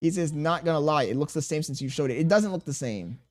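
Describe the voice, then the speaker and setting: Male streamer, thirties, a bit higher pitch, loose joking banter with chat. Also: expressive, fast talker. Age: 30s. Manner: joking, laughing, reads chat aloud, crude banter. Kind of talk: casual live-stream chat reading.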